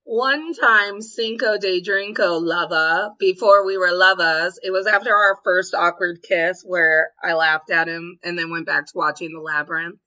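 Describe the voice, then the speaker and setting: A woman's voice: on the low side, fairly even intonation, moderate pace, hardly any pauses, sharp tone, muffled recording. A woman co-hosting a podcast, telling bawdy stories with giggles and acted-out quotes. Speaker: podcast co-host. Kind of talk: candid storytelling chat.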